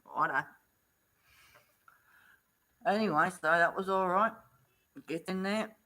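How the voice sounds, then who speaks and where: A woman's voice: fairly low pitch, slow pace, bright, forceful tone, rough recording. A middle-aged woman vlogging, earnestly retelling events in blunt, casual talk. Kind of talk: casual storytelling vlog.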